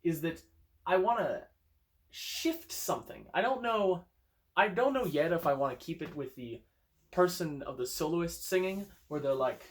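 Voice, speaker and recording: Strumming guitar at home during a streamed session, a young amateur songwriter chats casually and thinks aloud, often restarting hesitantly. His voice is a little high with lively intonation and a normal pace, recorded on a phone.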